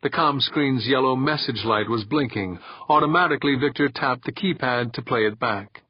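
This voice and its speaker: A man with a husky, mid-pitched voice reads a novel in measured storytelling. The sound is dry, close, and dull. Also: no room sound. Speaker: audiobook narrator. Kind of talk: scripted narration. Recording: dull lo-fi audiobook recording.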